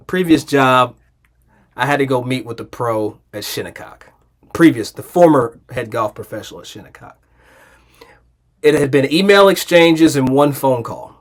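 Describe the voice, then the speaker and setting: A man co-hosting a podcast, telling anecdotes in casual banter and acting out the people in them. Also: mid-range voice. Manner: playful storyteller who acts out the people in his anecdotes. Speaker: podcast co-host.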